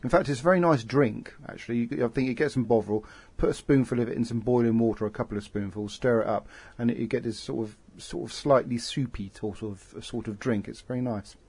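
A man's voice: mid-range voice, a little fast, hardly any pauses, darkish tone, husky, no room sound. A man hosting a casual podcast chat, rambling with lots of fillers and restarts. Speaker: podcast host.

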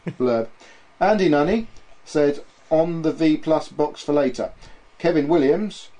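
A man's voice: on the high side, moderate pace, mellow, rough recording. A man hosting a casual podcast, reading out listener comments in a playful way, often laughing and tripping over names. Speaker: podcast host.

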